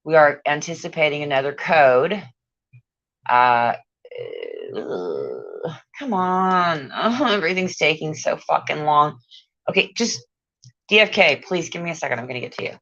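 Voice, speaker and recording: A woman's voice: low voice, sing-song, a little slow, a bit bright, dry recording. A woman on a casual livestream, profane and exasperated, muttering to herself as she goes. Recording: dull lo-fi sound.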